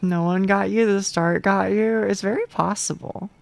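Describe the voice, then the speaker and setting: A woman's voice: mid-range voice, fairly even intonation, normal speed, creaky, no room sound, soft background music. A young woman streaming a game from home on a close mic, chatting casually with chat, self-deprecating, stammering and swearing.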